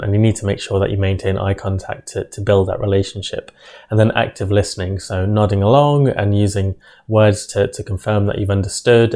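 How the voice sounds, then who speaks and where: A man's voice: on the low side, a little mellow. A young man teaching interview skills to camera, talking casually with many ums, repeated words and restarts. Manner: uses hand gestures while speaking. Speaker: medical school interview tutor. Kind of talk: instructional talk to camera.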